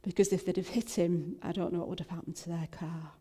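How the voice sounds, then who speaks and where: Older woman telling a story, mellow voice. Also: on the low side, steady tone, fast talker, husky. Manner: warm storytelling with many fillers and restarts. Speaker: minister. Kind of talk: personal testimony talk.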